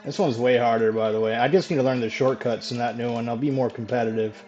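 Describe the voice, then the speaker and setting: Man, casual live-stream chatter, easy swearing, mid pitch, dull lo-fi sound. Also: steady tone, quick pace, darkish tone. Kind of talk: casual live gameplay chat. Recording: dull lo-fi mic with faint music.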